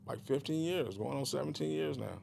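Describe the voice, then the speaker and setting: A man's voice: mid-range voice, animated, fairly quick, gravelly, a little mellow, a little hiss or hum. A middle-aged man from Richmond, California, a guest telling his life story in a rambling, casual way with many fillers and restarts.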